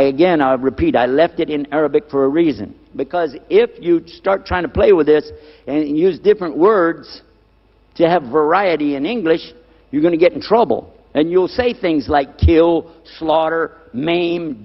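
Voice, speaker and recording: A man giving a religious lecture to a live audience, firing rhetorical questions at them and repeating key words for emphasis. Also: fairly high pitch. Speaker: lecturer on Islam. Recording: dull lo-fi recording in a reverberant hall.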